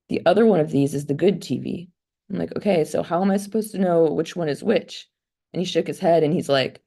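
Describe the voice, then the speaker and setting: A young woman telling a stand-up comedy story in a deadpan way, putting on a wide-eyed voice for her quoted questions, over a video call. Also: low-pitched, creaky.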